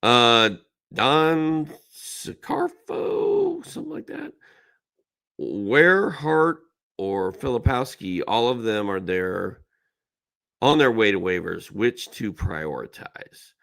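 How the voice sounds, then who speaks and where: Middle-aged man, live-stream Q&A host, bright forceful tone, blunt emphatic answers. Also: medium pitch, sing-song, slow, gravelly. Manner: reads viewer questions aloud, then gives blunt, emphatic advice. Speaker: fantasy basketball analyst hosting a live Q&A.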